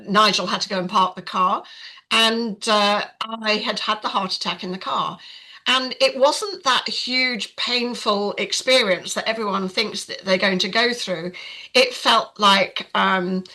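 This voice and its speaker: Older woman, podcast guest, frank storyteller with a bright, forceful tone. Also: medium pitch, rough recording. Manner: frank, chatty, many fillers. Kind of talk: casual storytelling.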